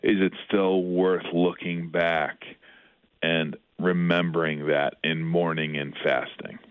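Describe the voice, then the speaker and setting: Brief: man, very deep voice, reflective Bible-study co-host, thin phone-like line. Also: little pitch movement, takes it slowly, smooth, no echo. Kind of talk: casual Bible discussion.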